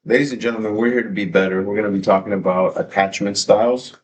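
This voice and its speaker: A man with a low, deep voice hosts a casual livestream from his home setup. He talks into a desk microphone in an excitable, rambling way, swearing freely. A faint hiss sits under his voice. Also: quick pace. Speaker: livestream host.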